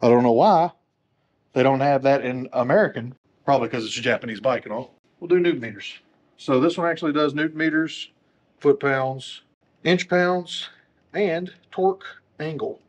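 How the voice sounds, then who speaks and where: Working as a motorcycle technician, a man talks through installing a wheel in a workshop as a casual how-to tutorial, adding joking, self-deprecating asides. His voice is medium-pitched and he speaks at a normal speed.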